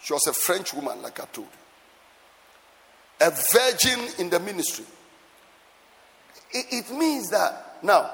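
A man preaching a sermon with emphatic repetition, swinging between soft asides and loud exclamations, at times half-singing his lines. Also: high-pitched, big pitch swings, slow, gravelly, pauses often, in a large hall. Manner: sometimes lapses into a sung cadence.

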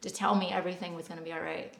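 A woman's voice: fairly low pitch, level tone, rapid-fire, gravelly, a bit bright. A woman co-hosting a podcast, telling a personal story in a rambling, casual way full of fillers. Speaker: podcast co-host. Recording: echoey room.

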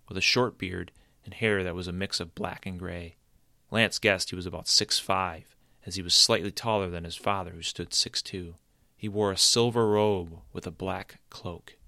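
A man reads a children's storybook aloud in a steady, plain manner. His voice sits fairly low, and the recording is dry with no room sound. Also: no room sound. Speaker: narrator. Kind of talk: storybook reading.

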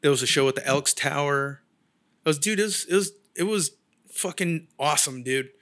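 Dude telling a story, kinda high voice, does little voices for people, swears a lot. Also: male voice, moderate pace. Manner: animated, acts out quoted people, swears casually. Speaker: guest artist. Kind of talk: casual storytelling chat.

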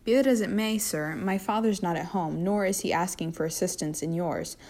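A disdainful young aristocrat, read by a woman. He sounds cool and elegantly dismissive in a mellow voice. It is a storybook reading. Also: lowish voice, normal speed, natural voice. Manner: coolly disdainful.

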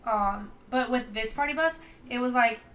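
A woman's voice: a little high, normal speed, a bit bright, a little hiss or hum. A young woman from Louisiana co-hosting a podcast, rambling in casual chat with lots of fillers and swearing. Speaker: podcast co-host.

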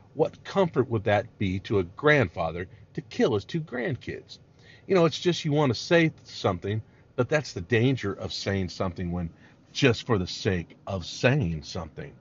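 A man's voice: lowish voice, slightly rough. A man preaching a sermon, earnest and emphatic, sometimes acting out quoted complaints. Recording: dull lo-fi recording.

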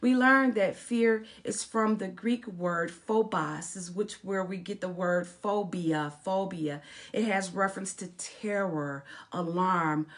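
A woman preaching a sermon, telling a story with dramatic swings in volume and emphasis. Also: fairly low pitch.

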